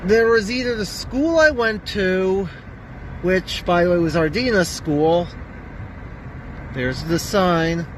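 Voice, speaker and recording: A man's voice: takes it slowly, a little hiss or hum. A man with a New Jersey accent narrating a casual, rambling driving vlog. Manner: rambling, talks to a cat in a high coo. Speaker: vlogger.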